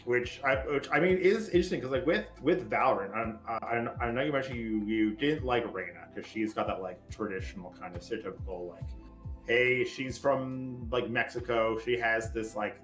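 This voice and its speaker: A man of middle pitch chatting on a casual podcast. He sounds relaxed and agreeable, often restarting his sentences. His voice has a roomy echo, with faint music behind it. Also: moderate pace. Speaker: podcast co-host.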